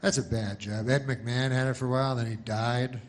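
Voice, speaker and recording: A man doing a stand-up set, deadpan and halting, with many false starts. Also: medium pitch. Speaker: stand-up comedian.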